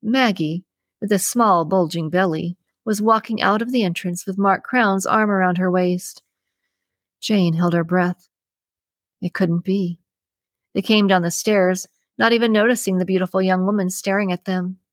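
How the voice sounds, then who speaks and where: A woman hosting a podcast, reading a suspense novel aloud in an even, measured way with slight shifts for characters. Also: mid-range voice, no echo, studio quality. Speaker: podcast host and audiobook reader. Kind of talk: scripted audiobook narration.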